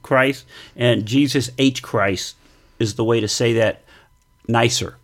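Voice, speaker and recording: A man's voice: mid-range voice, fairly even intonation, slow. A man from the United States co-hosting a podcast, answering in a joking, playful way with puns. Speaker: podcast co-host. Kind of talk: casual chat.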